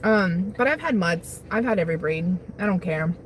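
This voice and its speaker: Speaking from a parked car during her lunch break, a young woman hosts a casual livestream, rambling while eating and reading chat. Her voice is fairly low-pitched and expressive at a moderate pace, with slight background noise.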